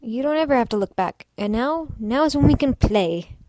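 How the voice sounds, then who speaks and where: A woman reading a visual novel aloud, voicing a bubbly, bossy teenage schoolgirl with a pushy, excited delivery. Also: on the high side, normal speed, lightly acted. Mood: tender.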